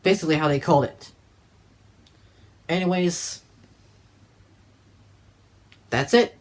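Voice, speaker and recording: A man's voice: a little high, slow pace. A man talking casually to camera about his disc collection in a rambling, profane way. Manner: profane, rambling, restarts often. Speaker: DVD collector vlogger.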